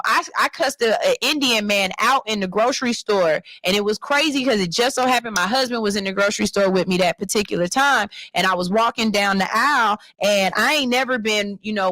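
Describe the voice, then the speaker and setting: A woman's voice: medium pitch, dry recording. A woman, hosting a radio show, talking bluntly and profanely and reading out a listener's letter. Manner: blunt, profane and animated, slipping into loud mocking voices for her stories. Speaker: radio host. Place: radio studio. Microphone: studio microphone.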